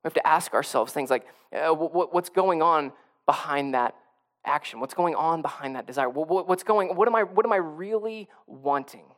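A man's voice: on the high side, moderate pace, a bit bright. A male pastor preaching a sermon in a conversational way, often repeating and restarting phrases and building to emphatic peaks.

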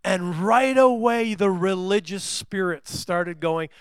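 A man's voice: high-pitched, clean tone, dry recording. Fervent preaching man, dry close sound. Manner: swings between loud emphatic lines and hushed, slow ones; asks the congregation questions, drawn-out emphasis. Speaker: pastor. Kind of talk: sermon. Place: church service before a congregation.

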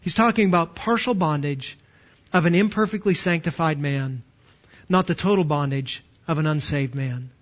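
A man in his fifties delivers a sermon in a notably high voice. He presses his points with emphatic, slowed stresses and rhetorical questions. The recording sounds muffled and lo-fi. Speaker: pastor.

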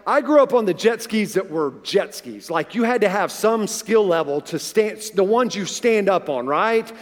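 40s pastor guy preaching, high voice, big echoey church hall, acts out the story as he goes. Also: moderate pace. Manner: animated storyteller who acts out dialogue. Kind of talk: sermon with a personal story. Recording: long reverb of a large hall.

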